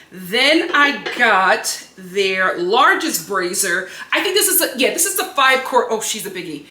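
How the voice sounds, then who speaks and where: A woman from Philadelphia chatting to the camera in her home kitchen, excitable and chatty, laughing often. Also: fairly high pitch. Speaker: home lifestyle vlogger. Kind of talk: casual chat to camera. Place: home kitchen under studio lights. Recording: echoey room.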